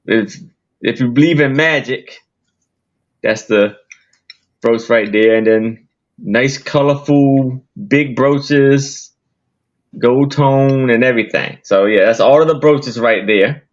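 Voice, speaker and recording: A man, a guest vendor on a live sale, describing items in an unhurried, halting way. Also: medium pitch, highs cut off.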